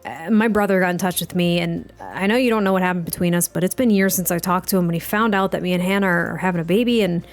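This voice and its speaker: A woman's voice: on the low side, fast talker, few pauses, faint music behind, lightly acted. Woman voicing a troubled young dad-to-be. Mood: anxious. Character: troubled young expectant father, guarded man.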